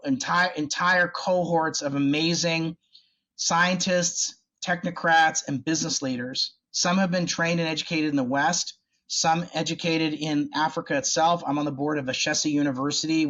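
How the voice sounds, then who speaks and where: A middle-aged man talking in an emphatic, conversational way as a podcast guest, with a somewhat high voice. The sound is muffled and lo-fi. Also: fairly even intonation, moderate pace, fairly bright tone. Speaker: think-tank guest. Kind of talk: animated policy interview.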